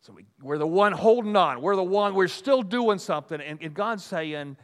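A man's voice: high voice, lively intonation, moderate pace, hardly any pauses, a bit bright. An older man preaching a conversational sermon to a live audience, rambling and folksy, with many restarts and asides. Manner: rambling, folksy, full of restarts and "you know". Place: hall with an audience. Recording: long hall reverb.

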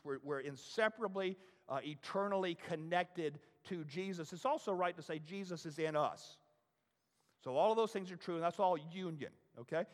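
Male pastor with a high voice, emphatic conversational sermon, big hall echo. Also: a bit bright. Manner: emphatic and conversational, asking the audience rhetorical questions. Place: church sanctuary. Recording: long reverb of a large hall.

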